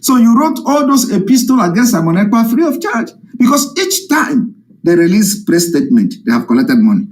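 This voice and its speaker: A man's voice: high voice, big pitch swings, a little fast. A man giving a heated, mocking live-stream monologue to his followers. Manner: combative, mocking, repetitive. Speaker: activist addressing followers. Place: live broadcast from home.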